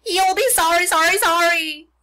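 A high, squawking storybook goose who bosses everyone around and can't stop repeating herself. Her voice jumps far above the reader's own and rings out loud and bright. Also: animated, full character voice. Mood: urgent, squawking. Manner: repeats her words in quick bursts. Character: bossy excitable female goose, shrill and repetitive.

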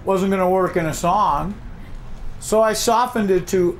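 A middle-aged man teaching a songwriting workshop, animated, acting out his own reactions as he talks. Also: high voice, moderate pace, slight background noise. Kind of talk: workshop talk to a class.

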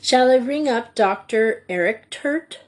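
Woman voicing a calm French mademoiselle. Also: on the high side, unhurried. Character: older French woman teacher, calm and caring.

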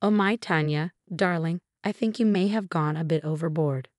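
Sugary, condescending stepmother read by a woman; low-pitched and dry. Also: normal speed, no echo, lightly acted. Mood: fake sweet. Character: fake-sweet scheming stepmother, adult woman.

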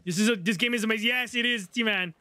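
A man streaming a video game live, excitable, swearing a lot and joking with chat. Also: high voice, fast talker. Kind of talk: live gameplay commentary.

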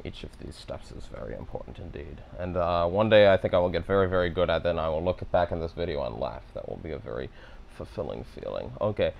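A man's voice: low-pitched, animated, quick pace, creaky, muffled recording. A man practicing phrases from a course, repeating them and commenting on his own pronunciation in a self-deprecating, thinking-aloud way. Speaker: language learner and video host. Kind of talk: self-narrated practice session.

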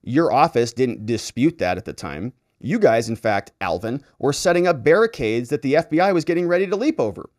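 A man's voice: medium pitch, big pitch swings, brisk, few pauses, a little mellow, no echo, clean studio sound. A man, a lawyer, giving sarcastic solo commentary as he reads a letter aloud and mocks the officials who wrote it in exaggerated voices. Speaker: lawyer and political commentary host.

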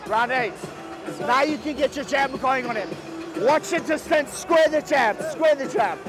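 A man working a boxing corner, shouting high, urgent commands to his fighter. His speech is slow and clipped, his voice is wearing hoarse, and a loud crowd and thumping music fill the arena behind him. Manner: urgent, barked short commands, repeated yells of encouragement. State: voice going hoarse. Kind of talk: ringside corner coaching. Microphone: clip-on mic on the trainer.

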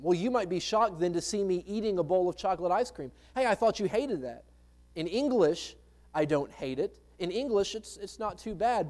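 A man's voice: high-pitched, darkish tone. A man preaching a sermon as pastor, in a conversational way with rhetorical questions to the congregation. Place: church sanctuary.

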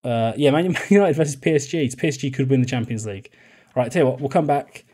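A young male YouTuber with a medium-pitched, darkish voice gives fast, chatty, jokey commentary on a football management game. He laughs often during the casual gameplay talk.

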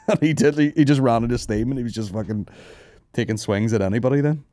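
A man's voice: mid-range voice, fast, mellow, no room sound. A man hosting a comedy podcast, telling rambling, sweary stories, laughing and mimicking people. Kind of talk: casual storytelling chat.

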